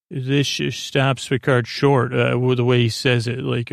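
A man's voice: medium pitch, level tone, measured pace, vocal fry, few pauses, dry recording, studio quality. A man hosting a sleep podcast, casually recapping in a rambling, self-correcting way. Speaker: podcast host.

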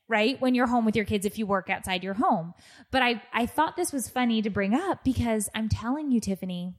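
Woman host, slightly high voice, animated storyteller who laughs often. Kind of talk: casual chat, reading a story aloud.

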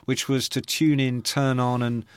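A man's voice: mid-range voice, little pitch movement, unhurried, smooth, dry recording. A man co-hosting a podcast in casual chat, a playful, jokey storyteller on a close studio mic. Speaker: podcast co-host.

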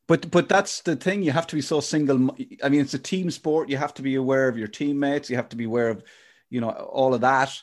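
A man's voice: mid-range voice, fairly even intonation, brisk. A man hosting a podcast, talking casually and rambling with many restarts. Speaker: podcast host. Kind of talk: casual chat.

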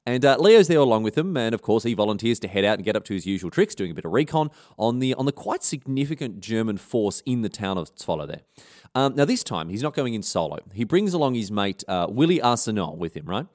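Fast, slangy storyteller man. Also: on the low side, big pitch swings, darkish tone. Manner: irreverent, slangy, rambling. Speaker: podcast host. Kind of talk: comic history storytelling.

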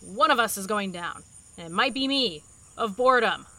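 A woman's voice: medium pitch, expressive, moderate pace, pushed and bright, poor audio. A woman playing a brash, impatient young explorer who talks bluntly, swears and uses dry sarcasm in an audio drama. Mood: bored.

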